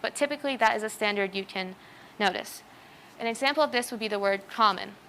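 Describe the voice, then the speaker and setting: A teenage student speaker gives an earnest, explanatory school-stage presentation full of examples. Her medium-pitched voice is fast and sharp-toned, and the recording carries a little hiss or hum.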